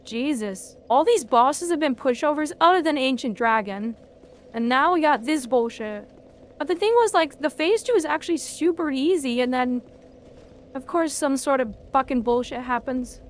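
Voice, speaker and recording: A woman streaming a video game, reacting loudly and swearing freely at each twist of the fight. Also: high voice, moderate pace. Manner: excitable, swears a lot, talks at the game. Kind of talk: live gameplay commentary.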